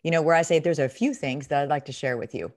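Woman, low voice, middle-aged, acting coach, emphatic, demonstrating a reading technique. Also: fast, darkish tone. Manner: emphatic, demonstrative teaching with quoted examples. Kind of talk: instructional interview.

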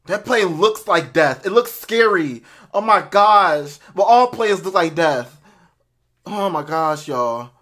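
A man reacting to a film for viewers, jumpy and loud, screaming, swearing and talking straight to his audience. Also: sits high, expressive, slow. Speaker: movie reactor.

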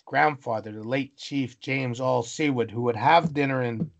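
Gravelly-voiced man from British Columbia, animated interview guest who acts out the people in his stories. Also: medium pitch, moderate pace, dull audio. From British Columbia, Canada. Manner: animated, dramatic storyteller acting out voices. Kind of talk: storytelling in conversation.

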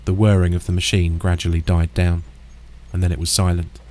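A man narrating a first-person horror story in a steady, understated, deadpan way. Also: deep voice, brisk.

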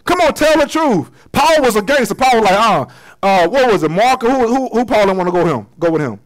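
Male pastor, high voice, conversational church sermon, loud-to-soft swings. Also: animated, fairly quick, poor audio. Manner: conversational preaching with slang, swings from loud to hushed. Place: church sanctuary.

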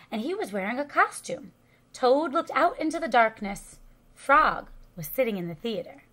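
A woman reading a children's storybook aloud in a slow, careful way. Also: a little high, sharp tone. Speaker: storybook reader.

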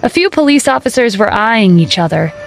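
A woman reading a dramatic story aloud as narrator, in a steady storytelling manner. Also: a little high, a little fast, vocal fry, faint music behind. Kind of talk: scripted narration.

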